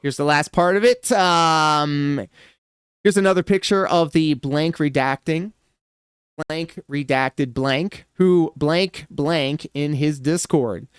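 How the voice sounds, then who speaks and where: A man hosting a livestream reaction show, commenting casually with sarcasm and sudden animated outbursts. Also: fairly high pitch, takes it slowly, clean tone, no echo, studio quality. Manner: animated, sarcastic, bursts into shouts and laughter.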